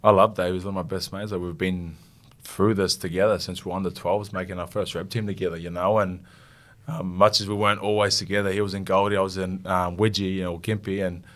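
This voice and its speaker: A young Australian man, a rugby league captain, talking earnestly and haltingly in an interview, getting emotional. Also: low voice, level tone, fairly bright tone. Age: young adult. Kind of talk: casual interview.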